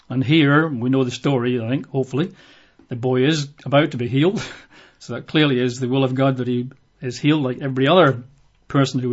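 A man preaching a sermon in a conversational way, acting out the voices he quotes. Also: medium pitch. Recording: dull lo-fi recording.

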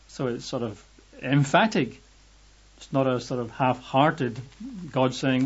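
A man preaching a sermon at an unhurried pace, pausing on fillers and slowing down to quote scripture. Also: mid-range voice, steady tone, breathy edge. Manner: unhurried, hesitant with fillers, slows and lifts when quoting scripture. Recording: dull lo-fi sound.

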